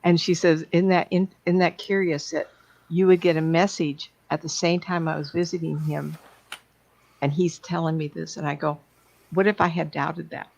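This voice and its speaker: A woman's voice: low voice, little pitch movement, moderate pace, gravelly, darkish tone, rough recording. A woman psychic medium telling chatty, rambling stories and acting out the voices of the people in them. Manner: chatty, laughing, acts out quoted voices. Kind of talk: rambling anecdotal storytelling.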